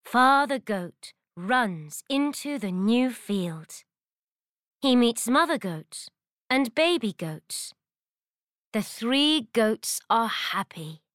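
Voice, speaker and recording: Woman reading a kids story aloud, super slow and careful, fairly high voice. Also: expressive, a bit bright, dry recording, clean studio sound. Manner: clear, deliberate, simple phrasing. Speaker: storybook reader.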